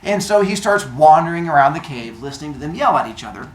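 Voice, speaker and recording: Man, goofy storyteller, lively pitch, echoey room. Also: fast. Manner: goofy, animated, silly noises. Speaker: storyteller host. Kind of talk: comic myth retelling with sound effects. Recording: roomy echo.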